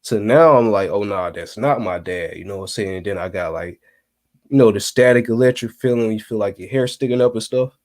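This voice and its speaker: A man's voice: fairly low pitch, fairly quick, a little mellow. A young man from North Carolina telling a story on a podcast in a laid-back, slangy way with lots of fillers. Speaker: podcast co-host. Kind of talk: casual storytelling. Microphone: remote call.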